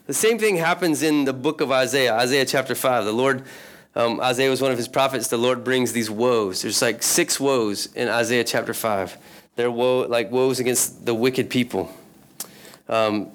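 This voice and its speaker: Man preaching a conversational sermon. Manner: conversational, asks the congregation questions and adds "right?"; reads scripture aloud, slowing and dropping low on solemn lines.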